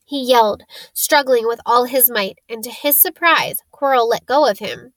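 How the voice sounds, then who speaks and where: A woman narrating a storybook chapter in a slow, dramatic reading. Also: on the high side, no room sound, rough recording. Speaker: audiobook narrator.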